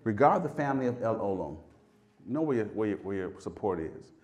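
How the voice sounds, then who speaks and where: A man preaching a sermon with fervor, repeating phrases and swinging from loud peaks to hushed lows. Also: sing-song, brisk.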